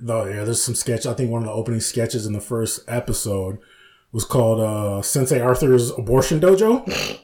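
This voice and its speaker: His voice is warm and medium-pitched, and he speaks at a moderate pace. He co-hosts a casual podcast, acting out lines from comedy sketches he retells, laughing often and swearing freely.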